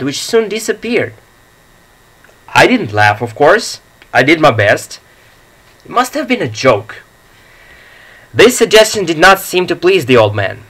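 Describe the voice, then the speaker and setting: A man narrating a comic story as an audiobook in a measured, deliberate reading. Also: high-pitched, a bit bright, low-quality recording.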